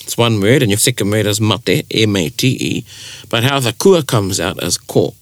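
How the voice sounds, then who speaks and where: Man, New Zealand Māori accent, casual talk, lively storyteller, dry recording. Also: fairly low pitch, brisk, no room sound. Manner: animated storyteller who acts out quoted speech. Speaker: te reo Māori speaker in discussion. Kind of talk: casual chat.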